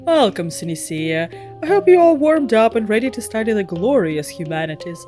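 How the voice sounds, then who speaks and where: A weary male teacher on a space colony, voiced by a woman reading game text. He speaks in a plain reading tone with a lively, varied pitch. Faint music plays behind. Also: normal speed, close to an everyday voice. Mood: easygoing.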